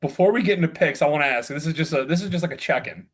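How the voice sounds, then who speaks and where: Male co-host, dry teasing quips, slightly high voice. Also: animated, very fast. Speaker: podcast co-host. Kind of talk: casual chat.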